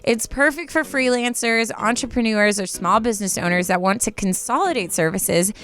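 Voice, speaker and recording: A woman's voice: a little high, moderate pace, a bit bright. A young adult woman co-hosting a podcast, chatting casually and playfully while reading ads. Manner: playful, giggly, trails into laughs. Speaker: podcast co-host.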